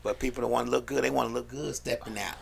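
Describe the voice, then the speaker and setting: A man's voice: mid-range voice, steady tone, fast, creaky, husky. A man co-hosting a radio talk show, chatting casually in slang and joking through mock commercial plugs.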